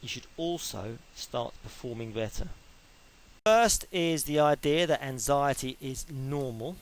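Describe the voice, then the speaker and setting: Gravelly middle-aged man lecturing. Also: medium pitch, animated, measured pace, poor audio. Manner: chatty, explaining step by step with everyday examples. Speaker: sport psychology lecturer. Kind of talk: informal spoken lecture.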